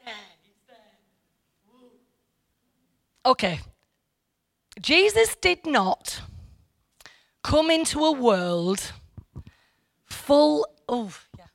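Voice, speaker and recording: Chatty high-voiced woman teaching Bible study. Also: sing-song, very slow, gravelly, long pauses, no room sound. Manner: chatty, digressive, emphatic on key points. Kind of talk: informal Bible study talk.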